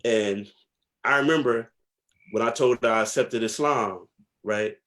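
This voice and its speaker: A man's voice: mid-range voice, a little slow, fairly bright tone. A man from New Jersey, a guest historian, telling stories from his past in a reflective, emphatic way with many fillers. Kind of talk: casual interview storytelling.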